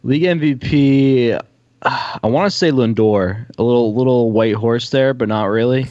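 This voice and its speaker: A man's voice: mid-range voice, moderate pace, mellow, dry recording, highs cut off. A man co-hosting a casual podcast, swearing freely and speaking bluntly. He stalls with fillers when unsure of himself. The recording is close and dry, with no room sound. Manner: blunt, profane, hesitant fillers. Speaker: podcast co-host. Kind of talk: casual chat.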